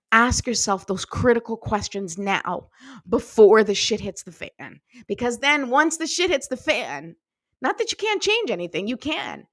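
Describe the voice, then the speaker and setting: A woman's voice: fairly high pitch, sing-song, unhurried, no room sound, clean studio sound. A woman hosting a daily self-help show, talking casually and encouragingly to her viewers, often checking in with "right?". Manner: warm, chatty, lots of "right?" and "you know". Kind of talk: casual motivational talk to viewers.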